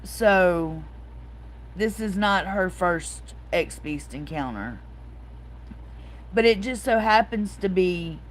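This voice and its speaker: This is a woman hosting a casual livestream. She talks at an unhurried, drawn-out pace, spinning a chatty story and greeting viewers as she reads their comments. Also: mid-range voice, poor audio. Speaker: host.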